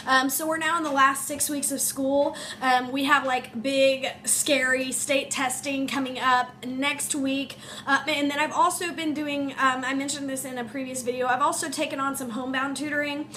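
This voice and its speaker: A young woman, a teacher, talking in an emotional, halting way full of ums and likes, her voice congested as she recovers from illness. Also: sits high, pushed and bright. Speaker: teacher and vlogger. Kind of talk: emotional personal vlog to camera. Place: home room. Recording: faint room noise, space heater hum.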